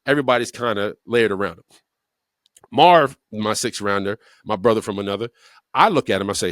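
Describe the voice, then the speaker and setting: This man co-hosts a podcast and tells a story bluntly and profanely, repeating words for emphasis. His fairly low, slightly bright voice runs a little fast, recorded in studio quality with no room sound.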